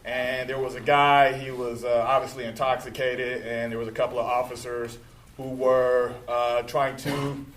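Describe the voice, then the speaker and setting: A man with a mid-range voice explains how charges are weighed, pausing often on "uh". The room around him is echoey, with a faint hiss. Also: medium pitch, little pitch movement, a bit bright. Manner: hesitant, many uh fillers. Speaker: panel guest, legal reviewer.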